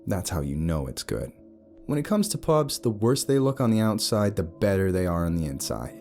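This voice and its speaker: A male narrator voicing a brash, teasing young woman who works as a tour guide, bossy and sharp-tongued. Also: sits low, big pitch swings, moderate pace, gravelly, faint music behind, full character voice.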